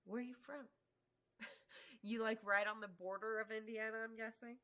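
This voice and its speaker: A chatty woman hosts a relaxed live stream from her workshop, answering viewers' comments as they come in. Her voice is bright and forward, with lots of laughter and some casual swearing. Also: on the high side, moderate pace. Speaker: livestream host. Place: home workshop.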